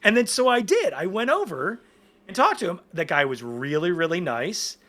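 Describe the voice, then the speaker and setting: A man in his forties, a podcast guest, telling stories in casual chat in an excited, rambling way with many restarts. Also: sits high, normal speed.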